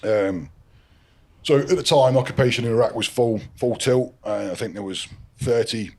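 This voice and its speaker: A man's voice: mid-range voice, moderate pace. A middle-aged man, a podcast guest telling blunt stories full of swearing. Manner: blunt, heavy swearing, forceful storytelling. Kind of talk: casual podcast chat.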